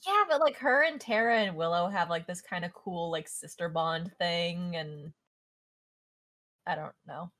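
A woman's voice: on the low side, unhurried, a bit bright. A woman co-hosting a podcast, chatting casually about a TV show, musing and hedging with filler words. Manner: musing, hedging with "like" and "I don't know". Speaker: podcast co-host. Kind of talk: casual commentary.

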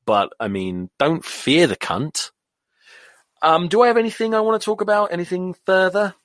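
A man's voice: high-pitched, animated, normal speed, dry recording. A middle-aged English man with a drifted accent, hosting a solo podcast, rambling and swearing while feeling queasy. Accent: English, drifted toward American. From England. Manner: sweary, rambling, self-mocking. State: nauseous, queasy. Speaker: podcast host.

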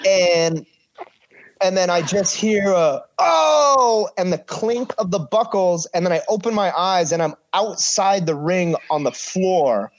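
A man's voice: sits high, a little slow, darkish tone. A man in his thirties, a professional wrestler guest, casually telling a story, swearing freely and acting out the quotes.

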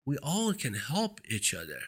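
Seated indoors at a studio microphone, a foreign-accented talk show host whose first language isn't English delivers a motivational monologue. His mid-range voice is a bit bright and slightly rough, unhurried with huge pitch swings, and he earnestly repeats points for emphasis.

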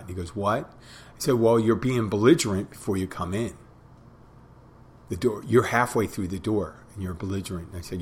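A man working as a bartender who tells stories about customers in a plain, halting way. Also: on the low side, a little hiss or hum. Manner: plain-spoken, halting with restarts and fillers. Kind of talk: casual storytelling monologue.

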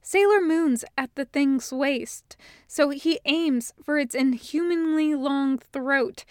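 A woman reading fan fiction aloud as a podfic, in an even, measured storytelling voice. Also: high-pitched, no echo, clean studio sound. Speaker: podfic reader.

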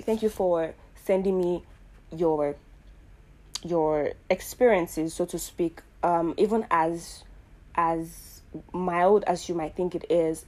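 A woman from Nigeria hosting her own show, talking in a casual, earnest and reflective monologue full of fillers and pauses. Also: on the low side, darkish tone. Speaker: podcast host.

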